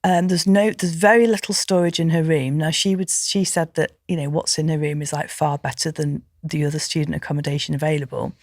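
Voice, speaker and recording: A middle-aged woman talks as a guest in a conversational interview. Her voice sits low, and her telling is emphatic, animated and indignant. The sound is dry and close, with no room around it. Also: fairly quick, few pauses, dry recording. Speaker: podcast guest, professional landlord.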